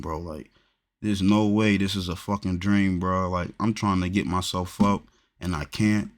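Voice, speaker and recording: A man's voice: sits low, steady tone, normal speed. A man from New Jersey in casual chat, telling a loose, profane story with lots of slang.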